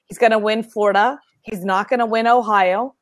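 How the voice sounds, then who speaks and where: An outspoken woman from Texas talks politics on a casual panel, jumping in to argue. Her voice sits at a middle pitch and the sound is dry and close, with little room around it. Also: normal speed, no room sound, low-quality recording. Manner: outspoken and animated, jumps in.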